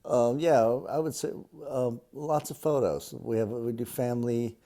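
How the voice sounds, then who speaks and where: A fifty-year-old man with a Boston accent, reading a passage and answering interview questions with many ums and pauses. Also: medium pitch, warm tone. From Cape Cod, Massachusetts. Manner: hesitant, many ums and uhs.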